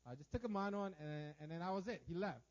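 Man preaching, high voice, animated storyteller, repeats and stammers, muffled lo-fi sound. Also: fast. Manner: animated, swings between loud outbursts and hushed quiet lines; stammers and repeats words often. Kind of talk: storytelling sermon to a congregation.

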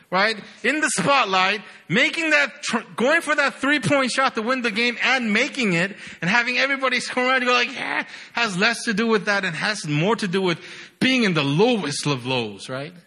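A young man preaching a sermon with lots of energy, often asking "right?" and swinging from loud bursts to quiet, low lines.

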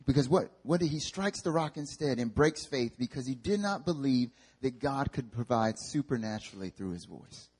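A man's voice: medium pitch, lively intonation, normal speed, hardly any pauses, a little mellow, slightly rough. Joking, conversational male preacher. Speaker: pastor. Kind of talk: sermon. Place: church service.

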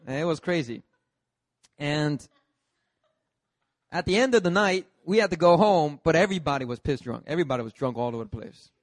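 A man, a pastor, preaching a sermon through a lively personal story, acting out the scenes. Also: a little high, no room sound. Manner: lively, acts out scenes with shifting voices.

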